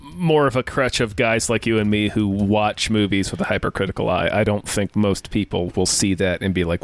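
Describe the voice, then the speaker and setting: A man co-hosting a casual movie-review chat, measured, often restarting his words. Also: on the low side, steady tone, no room sound. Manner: measured, with repeated starts. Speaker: podcast co-host.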